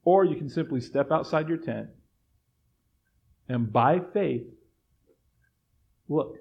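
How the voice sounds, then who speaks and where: A man preaching a sermon as pastor, moving between quiet reflective passages and loud acted-out voices of doubters. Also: on the high side, animated, unhurried, gravelly, husky, highs cut off.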